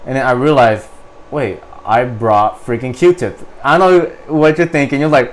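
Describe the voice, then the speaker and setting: A young adult man, a Marine guest on a podcast, telling a story in casual, animated, profane talk full of fillers. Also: mid-range voice, normal speed.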